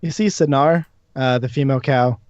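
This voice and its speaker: A man narrating as dungeon master in a tabletop game, lively and quick to laugh, now and then jumping into shouted character voices. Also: medium pitch, lo-fi sound, noisy background.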